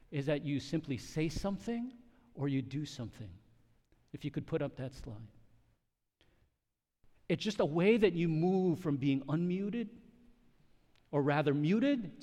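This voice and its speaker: A man preaches a sermon in a high, animated voice. He swings from loud, emphatic peaks down to soft, hushed passages. His words ring out with a long reverb, as in a church hall. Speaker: pastor.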